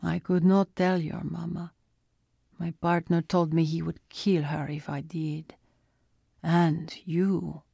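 Woman reading as a Russian-accented father's spirit, clipped speech, slow, gravelly, dry sound. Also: fairly high pitch, flat delivery, mellow, dry recording, heavily acted. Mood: tender. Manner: clipped phrases dropping small words. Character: father's spirit from paradise, earnest Russian man. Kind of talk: storybook narration.

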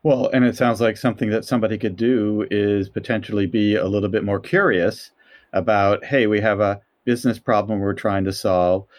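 A man's voice: on the low side, fairly even intonation, moderate pace. A man hosting a podcast interview, summarizing advice politely and giving the sign-off. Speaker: podcast host. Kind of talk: interview and outro.

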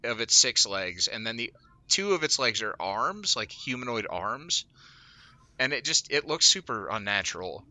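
A man's voice: mid-range voice, big pitch swings, moderate pace, pushed and bright, dry recording. A man co-hosting a podcast, recapping a show in casual, rambling chat full of fillers. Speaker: podcast co-host.

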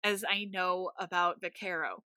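A woman's voice: fairly low pitch, fairly even intonation, normal speed, bright, forceful tone, clean tone, dry recording. A woman co-hosting a casual movie podcast, recapping the plot with wry, sarcastic asides. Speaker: podcast co-host.

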